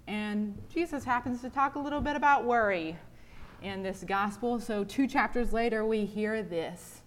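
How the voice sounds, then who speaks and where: A woman preacher giving a sermon, telling a story in a conversational, animated way. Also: medium pitch, normal speed, a little hiss or hum.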